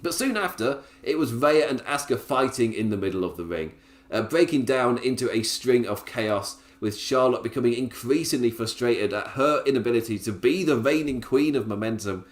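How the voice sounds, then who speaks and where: A man's voice: mid-range voice, expressive, normal speed, roomy sound. A man hosting a podcast, recapping in a chatty, casual way with frequent laughs. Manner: chatty, laughs often, restarts sentences. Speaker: podcast host.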